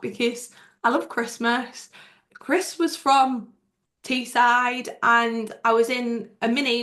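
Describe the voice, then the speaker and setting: Chatty Middlesbrough woman, fairly high voice. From Middlesbrough, England. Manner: chatty, lively anecdote telling. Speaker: guest, stunt driver. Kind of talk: casual interview chat.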